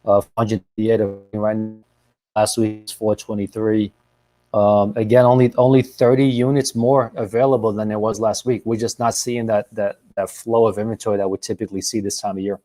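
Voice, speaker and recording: A man's voice: fairly low pitch, little pitch movement, moderate pace, warm tone. A man hosting a real estate show, running through market statistics with uh and um fillers. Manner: runs through numbers, hesitant fillers. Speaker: realtor host.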